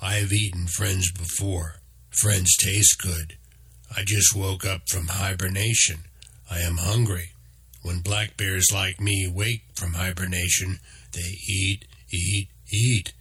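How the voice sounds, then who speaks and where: A man voicing a huge, hungry male black bear who speaks in short, flat, declarative sentences in a deep voice. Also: slow, breathy edge, full character voice. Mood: blunt.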